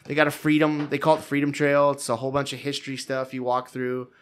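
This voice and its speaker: A man's voice: mid-range voice, completely flat delivery, fast talker, smooth. A man co-hosting a podcast, telling a story in casual chat, with rambling restarts and chuckles. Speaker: podcast co-host.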